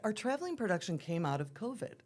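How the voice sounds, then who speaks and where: A woman's voice: mid-range voice, sing-song, fast talker, a little mellow. A woman from the theater scene, a guest on a morning TV chat show, explaining things eagerly and at length. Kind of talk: casual interview.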